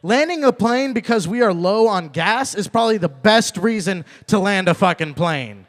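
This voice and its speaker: A young man performing a stand-up set at an open mic, repeating his punchlines and working up to loud, indignant rants. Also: sits high, expressive, normal speed. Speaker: stand-up comedian. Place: open mic comedy night venue.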